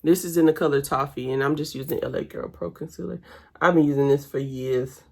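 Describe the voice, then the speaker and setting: A woman's voice: low-pitched, fairly even intonation, a little fast. A young woman, chatting casually with her viewers while doing her makeup at home. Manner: chatty, addresses viewers as y'all. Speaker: vlogger.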